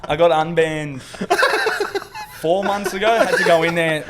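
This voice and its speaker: A man's voice: on the high side, steady tone, moderate pace, heavy background noise. An Australian man, a comedian guest, telling crude stories in a pub and laughing often. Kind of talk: crude storytelling chat.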